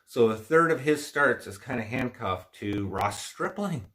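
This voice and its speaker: A man's voice: mid-range voice, expressive, measured pace, fairly bright tone. A man hosting a casual livestream chat, talking in a rambling, opinionated, frustrated way, with a stuffy nose from allergies. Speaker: livestream host.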